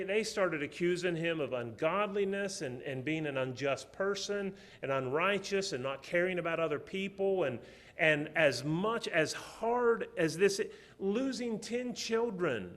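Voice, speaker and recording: A middle-aged man preaching a sermon, telling stories, swinging between loud, emphatic passages and quiet, soft ones. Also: high-pitched.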